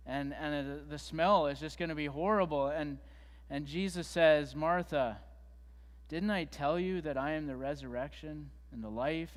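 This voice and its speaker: Man preaching casually in a church hall. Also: a little high. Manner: conversational, retelling scripture with fillers and restarts. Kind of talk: sermon. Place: church sanctuary.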